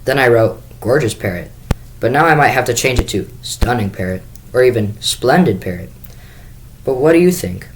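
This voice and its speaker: A man's voice: mid-range voice, animated, moderate pace, slight background noise, natural voice, rough recording. A man reading aloud, voicing an earnest, emotional young girl in a raised, girlish tone. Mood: chatty.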